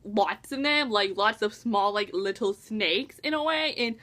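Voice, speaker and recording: A young woman excitedly reviewing a book in a casual vlog, gushing and acting out her own reactions. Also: medium pitch, a little slow. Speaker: book vlogger.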